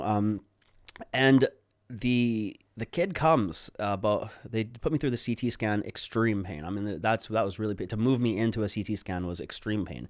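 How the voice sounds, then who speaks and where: A man with a low voice tells a story as a podcast guest, casual and animated, and he swears freely. He acts out what people said. The sound is dry and close. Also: a little fast, dry recording.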